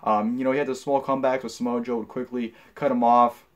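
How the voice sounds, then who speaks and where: A young man talks through his review in a loose, rambling way, full of fillers and restarts. He turns blunt and swears freely when something irritates him. His voice sits at an ordinary middle pitch for a man. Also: level tone, fast talker. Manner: blunt and profane when annoyed. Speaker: wrestling show reviewer. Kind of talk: casual spoken review.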